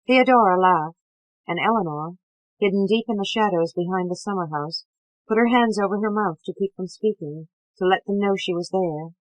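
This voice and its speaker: A woman's voice: lowish voice, normal speed, dry recording, low-quality recording. Woman reading a novel aloud. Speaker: audiobook narrator.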